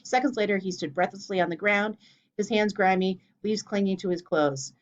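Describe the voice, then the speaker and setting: A woman reading a children's storybook aloud in a clear, steady way. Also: medium pitch, moderate pace. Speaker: narrator. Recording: dull lo-fi recording.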